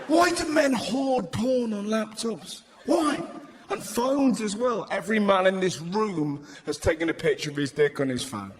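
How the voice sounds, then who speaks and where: Male stand-up, high-pitched, animated, live venue with loud ambience. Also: measured pace, roomy sound, a crowd in the background, noisy background. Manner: animated, acts out voices, shouts punchlines. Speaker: stand-up comedian. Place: large live venue stage.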